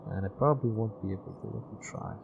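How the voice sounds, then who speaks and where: A man's voice: fast talker, creaky, phone-quality sound. Man muttering over a game. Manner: mutters to himself, low and offhand. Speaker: streamer. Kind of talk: let's-play commentary and narration. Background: music.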